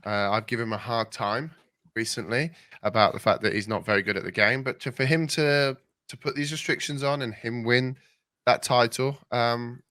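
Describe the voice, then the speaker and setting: An upbeat man who hosts a casual podcast and steers from one segment to the next. His voice is bright and forward, recorded dry and close to the mic. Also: medium pitch, clear, resonant tone, dry recording. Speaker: podcast host. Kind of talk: casual chat.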